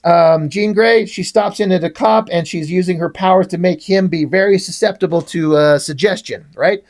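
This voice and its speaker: A man giving a casual, rambling comic book review in a sarcastic tone, swearing often. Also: sits high.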